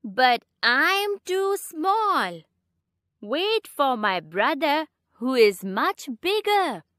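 Small young goat in a storybook, timid and pleading, slow high voice; woman voicing. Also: big pitch swings, a bit bright, dry recording, studio quality, exaggerated voice.

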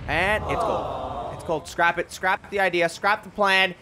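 An excitable man narrating a game walkthrough, talking straight to his viewers. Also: sits high, unhurried, soft background music. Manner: excitable, addresses viewers as guys and ladies and gentlemen. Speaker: gaming video creator. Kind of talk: gameplay walkthrough commentary.

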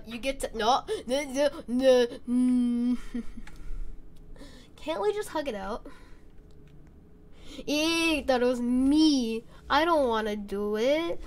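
High-voiced woman in nervous game commentary. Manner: jittery, squealing and apologizing when scared. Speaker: gaming YouTuber. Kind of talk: gameplay commentary. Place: cold bedroom. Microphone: desk mic.

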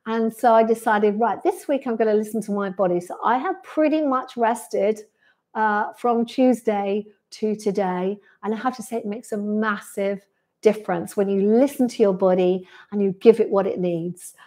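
A woman's voice: mid-range voice, moderate pace, darkish tone. A woman, a pilates instructor chatting on a live stream and answering viewer comments one by one in a friendly way, from a sunny room indoors. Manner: friendly, reads out viewer comments and replies to each.

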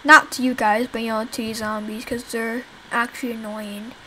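A woman's voice: a little high, flat delivery, moderate pace, pushed and bright, a little hiss or hum, poor audio. A young woman casually commenting while she plays a zombie game she made herself, rambling and swearing at the enemies. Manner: rambling, swears, talks to viewers while playing. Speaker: game developer playing her own game.

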